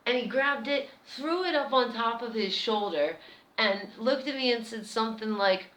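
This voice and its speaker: Animated American woman telling a story. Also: on the high side, moderate pace. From United States. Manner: animated, expressive, chatty. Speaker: vlogger. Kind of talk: casual storytelling. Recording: roomy echo.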